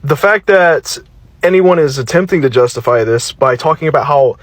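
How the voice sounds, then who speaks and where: Man, fairly high voice, heated and sarcastic, dry sound. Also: lively intonation, moderate pace, no echo. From western North Carolina. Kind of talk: angry reaction video.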